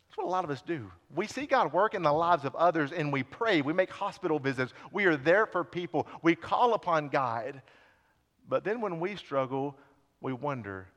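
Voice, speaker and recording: A man preaching a sermon with passion, swinging between loud appeals and hushed lines. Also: fairly high pitch, expressive, normal speed. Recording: long hall reverb.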